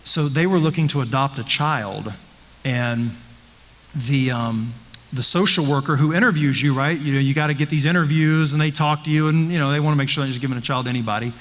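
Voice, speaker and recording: A man's voice: medium pitch, brisk, big-room sound, rough recording. A man, a pastor, teaching a conversational Bible study with rhetorical questions and frequent restarts. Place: church.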